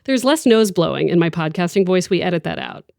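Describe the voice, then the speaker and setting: A woman's voice: fairly low pitch, a little fast, creaky, no echo. Chatty podcast host woman, dry studio sound. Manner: chatty and enthusiastic, quoting people in lively asides. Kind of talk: conversational podcast interview.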